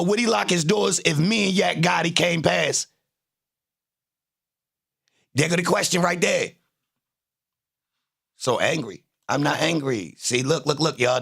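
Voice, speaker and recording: A man hosting a livestream, talking in a casual, animated, boastful way full of profane trash talk. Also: fairly high pitch, gravelly, husky. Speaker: livestream host.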